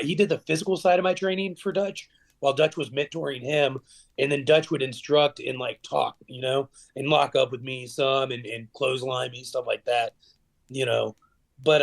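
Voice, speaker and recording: A man with a gravelly, fry-touched voice, talking casually as a podcast guest. He rambles through stories with plenty of "like" and "you know," and gets lively when he acts out old memories. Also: medium pitch. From Middle Tennessee. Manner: rambling, filler-heavy, animated when retelling stories. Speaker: guest, professional wrestler.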